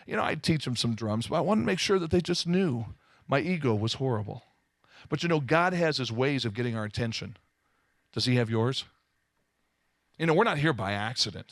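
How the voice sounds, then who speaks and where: A man from Southern California telling his life story to an audience, animated and full of self-mocking humor. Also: medium pitch, no echo, clean studio sound. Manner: animated storytelling, acting out quoted voices. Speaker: speaker giving his testimony. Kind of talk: testimony to a live audience.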